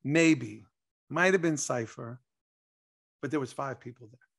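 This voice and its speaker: Excitable man telling stories, gravelly. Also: mid-range voice, a little slow. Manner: excitable, acts out quotes, laughs. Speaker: interview guest. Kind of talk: animated storytelling.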